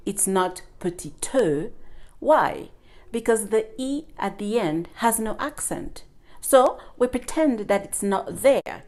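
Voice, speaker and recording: A woman's voice: mid-range voice, a little mellow. A woman teaching a French lesson, patiently repeating and demonstrating sounds for her learners. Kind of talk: online language lesson.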